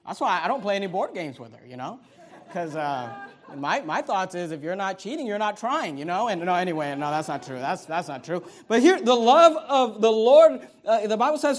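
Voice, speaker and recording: A middle-aged man delivers a sermon in a notably high voice. He drives home his points by repeating them and breaks off for friendly asides to the congregation. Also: expressive, a little fast. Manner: emphatic preaching with repeated phrases and asides to the congregation. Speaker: pastor.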